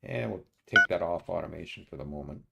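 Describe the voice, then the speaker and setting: A man streaming a strategy game, muttering his moves to himself and often pausing with uhs. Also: low voice, lively intonation, gravelly, highs cut off, heavy background noise. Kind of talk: casual let's-play commentary.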